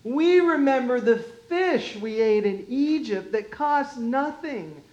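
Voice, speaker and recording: Preacher doing a whiny grumbly crowd voice, high and moany, roomy echo. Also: animated, darkish tone, highs cut off. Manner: whiny, drawn-out complaining.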